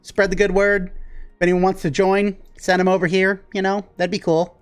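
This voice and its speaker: A man's voice: high-pitched, level tone, moderate pace, smooth, faint music behind, natural voice. A man voicing a laid-back male demon with a bear face who leads a cult, speaking casually in a tabletop role-play. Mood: chummy. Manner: casual, easygoing, recruiting with a shrug.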